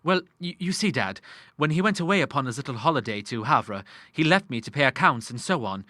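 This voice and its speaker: A man's voice: mid-range voice, lively intonation, fairly quick, pushed and bright, no echo, studio quality. A man voicing a hesitant, apologetic young man in an audiobook. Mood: uneasy. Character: earnest young man, hesitant junior partner. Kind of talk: audiobook character voice.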